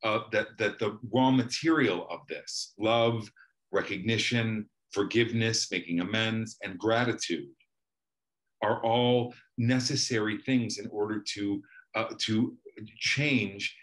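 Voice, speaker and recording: A man's voice: lowish voice, slow pace, a bit bright. A man as an interview guest, speaking earnestly and reflectively, often repeating words and restarting as he searches for phrasing. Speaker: guest author.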